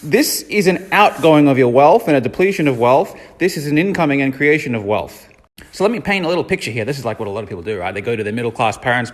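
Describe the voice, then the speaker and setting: A man's voice: medium pitch, lively intonation, fast talker, long reverb tail. A man giving a casual mini money lesson for his social media stories, blunt and emphatic, swearing freely. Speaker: entrepreneur teaching money lessons.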